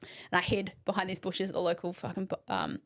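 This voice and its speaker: Fairly quick and lowish, with noticeable vocal fry, this young podcast host's voice carries an animated story full of swearing. It's a casual storytelling chat, and she performs the different voices in the tale herself.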